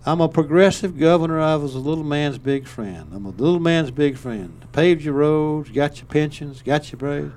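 A man voicing a drunk older Southern governor who boasts slowly and stumbles over his words. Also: on the high side, darkish tone, pitched above the performer's own voice, close to an everyday voice. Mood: boastful. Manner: slow, slurred, stumbling speech.

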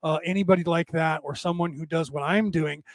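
Older man with a gray-haired rasp, talking on and on. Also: fairly high pitch, fairly even intonation, a little fast, dry recording. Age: older, with graying hair. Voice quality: says his voice is damaged but penetrating. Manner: rambling, with frequent restarts; tired from talking for hours. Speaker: podcast host. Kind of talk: casual monologue.

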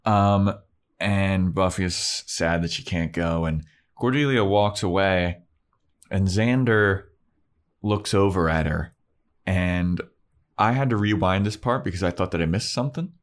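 Low-voiced guy recapping an episode, cussing casually, doing little bits of the dialogue. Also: slow. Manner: loose and profane, acts out quoted dialogue. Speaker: podcast co-host.

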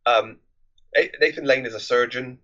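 A man's voice: mid-range voice, moderate pace, a bit bright, dull audio. A man hosting a film podcast, recapping a movie plot in a loose, rambling, conversational way.

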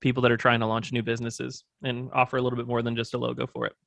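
A man's voice: medium pitch, completely flat delivery, racing, vocal fry, a bit bright, no echo. Rambling man, dry close sound. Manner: thoughtful, rambling with fillers. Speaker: agency owner, podcast guest. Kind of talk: casual interview talk.

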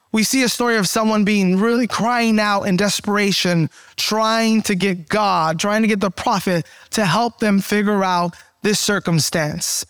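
A man's voice: sits high, a little slow, few pauses, fairly bright tone, clean tone, no room sound, clean studio sound. A man preaching a sermon in a conversational way, acting out quoted voices as he goes. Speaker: pastor.

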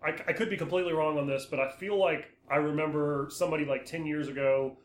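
A man's voice: a little high, steady tone, fast. A man co-hosting a podcast, chatting casually and laughing often. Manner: laid-back, laughs often, profane. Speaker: podcast co-host. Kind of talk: casual chat. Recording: roomy echo.

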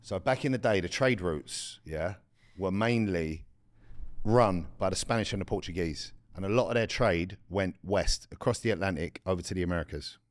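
Deep-voiced man, blunt and slangy. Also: normal speed, dry recording. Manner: blunt, slangy, explaining at length. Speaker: podcast co-host. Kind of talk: casual chat.

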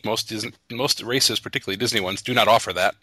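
A man co-hosting a podcast in casual chat, quick and wry, moving the segments along. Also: on the low side, fairly even intonation, noisy background. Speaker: podcast co-host.

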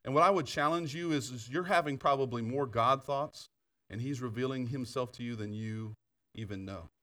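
A man preaching a sermon in a church, his voice moving in lively swings as he tells stories with laughs and asides. He sits at a middle pitch and is a little off the mic, so the sound carries some of the hall. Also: normal speed, far from the mic. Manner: animated storytelling with laughter and asides. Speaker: pastor. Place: church sanctuary.

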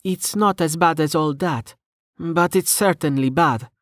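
A man voicing a brisk woman healer who speaks in a matter-of-fact way. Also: fairly high pitch, no room sound, clean studio sound, pitched above the performer's own voice, lightly acted.

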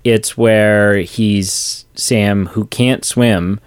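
Low-pitched man, enthusiastic podcast co-host, dry close mic. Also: fairly even intonation, very slow, clear, resonant tone, dry recording. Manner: enthusiastic, gushing, acts out lines. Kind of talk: casual movie discussion.

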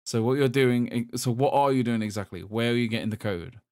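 A man from England on a gaming podcast, telling a long story in a casual, animated way and laughing as he goes. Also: mid-range voice, a little fast, no room sound, clean studio sound. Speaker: podcast host. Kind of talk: casual chat.

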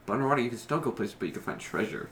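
A man's voice: medium pitch, expressive, rapid-fire, over a noisy crowd. A man co-hosting a podcast from a hotel room, asking questions and giggling in casual chat.

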